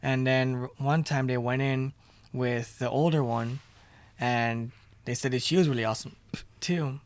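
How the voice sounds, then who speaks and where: A podcast co-host rambles through a long restaurant story in casual chat, acting out the quoted dialogue as he retells the scenes. His mid-range voice keeps a fairly even intonation at a measured pace.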